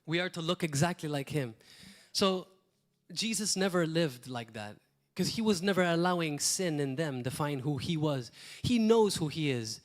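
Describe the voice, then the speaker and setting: Guy preaching a sermon, kinda rambly and animated, slightly higher voice. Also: moderate pace. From Malta. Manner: lively, rambling preaching with acted-out quotes. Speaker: pastor.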